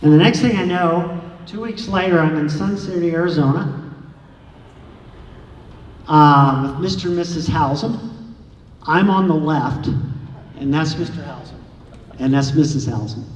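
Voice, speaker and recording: A man giving an author's talk at a library, telling anecdotes in a lively way and acting out the dialogue. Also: a little high, unhurried, long pauses, dull audio. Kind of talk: storytelling lecture to an audience. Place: large echoey lecture room. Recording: echoey hall from far off, faint hiss.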